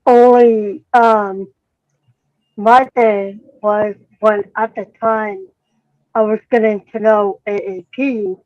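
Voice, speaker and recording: A woman speaking hesitantly in casual livestream chat, pausing with fillers. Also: mid-range voice, fairly even intonation, no echo. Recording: dull lo-fi audio.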